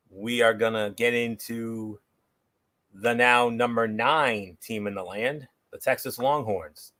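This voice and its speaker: A man hosting a casual football picks show, giving a plain, steady rundown of each game with a few fillers. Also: mid-range voice. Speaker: show host. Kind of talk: casual sports picks chat.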